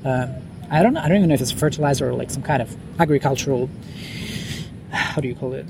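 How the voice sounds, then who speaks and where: A man's voice: medium pitch, fast talker, gravelly, background noise. A man as a podcast guest, talking casually with lots of fillers and restarts, recorded outdoors on a lawn at night. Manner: rambling, many fillers and restarts. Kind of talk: casual interview chat.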